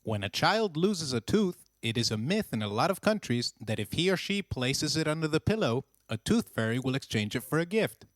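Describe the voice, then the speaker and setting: A man narrating a scripted language lesson with slow, clear, encouraging drills. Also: a little high, very animated, no room sound, clean studio sound. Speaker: language teacher.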